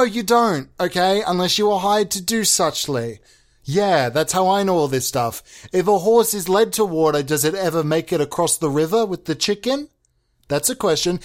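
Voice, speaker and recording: A man hosting a comedy show, rambling in a mock-pompous way and swearing now and then. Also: on the high side.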